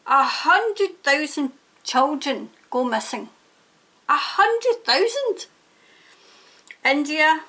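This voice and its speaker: A woman's voice: high voice, sharp tone. A woman giving a tarot reading to camera, talking emphatically and indignantly and slipping into rants. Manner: emphatic, indignant, prone to ranting. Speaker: tarot reader.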